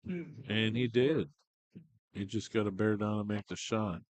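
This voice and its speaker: A man's voice: fairly low pitch, unhurried. A man calling a pool tournament in casual, chatty live commentary from the hall, talking through the shots. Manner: laid-back, chatty, talks shop about shots.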